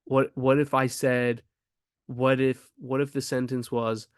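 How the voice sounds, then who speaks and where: A man's voice: mid-range voice, little pitch movement, measured pace, clean tone, no room sound, clean studio sound. A man teaching grammar casually, thinking aloud with frequent ums and restarts. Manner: rhetorical questions asked with rising emphasis.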